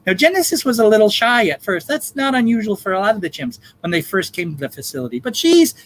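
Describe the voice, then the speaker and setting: A man hosts a live bingo stream in a high, very lively voice that swoops up and down. He is campy and jokey, and he stretches out each number he calls. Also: quick pace, slight background noise, rough recording. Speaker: bingo caller and host. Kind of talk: live charity bingo hosting.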